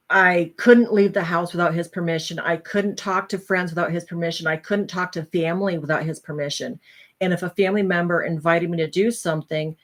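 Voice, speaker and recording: A woman vlogger candidly sharing a personal story, speaking earnestly with halting pauses. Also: on the low side, a bit bright. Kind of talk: candid personal talk and poem reading.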